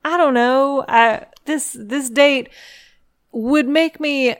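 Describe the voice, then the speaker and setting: A woman's voice: sits high, takes it slowly. A young woman co-hosting a podcast, chatting casually and wryly, laughing often. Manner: wry, joking, laughs often. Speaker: podcast co-host.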